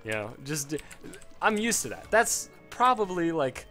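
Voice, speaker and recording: A man's voice: fairly high pitch, big pitch swings, unhurried, pushed and bright, soft background music. A young man with a Chicago accent rambling and swearing through casual gameplay commentary. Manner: rambling, profane, frequent fillers. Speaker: let's play host.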